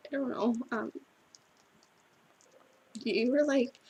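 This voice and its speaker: Teen girl crying through a vlog to her bestie, breathy kinda high voice, lots of um and like. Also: steady tone, a little mellow, muffled recording. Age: teens. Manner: halting and tearful, full of restarts and fillers. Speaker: vlogger. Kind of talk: emotional video message to a friend.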